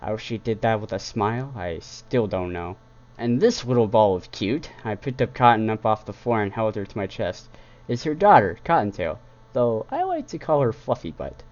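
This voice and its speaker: A man reading a first-person fan story aloud in a plain, even voice. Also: on the low side, normal speed, dull audio. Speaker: fan fiction reader.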